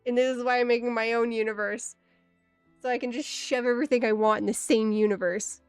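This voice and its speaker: A woman livestreamer chatting casually with her viewers, rambling with quick asides, giggles and playful exclamations. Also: a little high, fairly even intonation, smooth, dry recording, faint music behind. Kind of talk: casual rambling stream chat.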